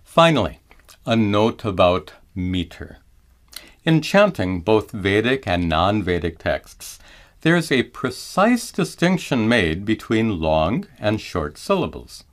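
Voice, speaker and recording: A man teaching mantra pronunciation in a careful scripted lesson, slowing down to chant each example. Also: fairly low pitch, very animated. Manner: slow, careful explanation with drawn-out chanted examples.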